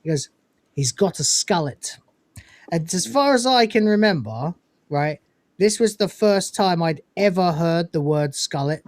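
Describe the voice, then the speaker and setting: Speaking in a high, unhurried voice with no echo, a podcast host chats casually while reviewing episodes. He retells the scenes with animation and acts out what the characters say.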